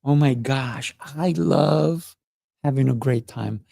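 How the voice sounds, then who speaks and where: Playful gravelly man on a livestream. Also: mid-range voice, slow, dry recording, studio quality. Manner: playful, excitable, laughs often. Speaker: livestream host. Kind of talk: motivational livestream talk.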